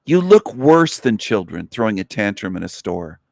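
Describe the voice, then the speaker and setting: Man, livestream host, ranting, scornful, mocking, lowish voice, dry close sound. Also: big pitch swings, normal speed, gravelly, no room sound.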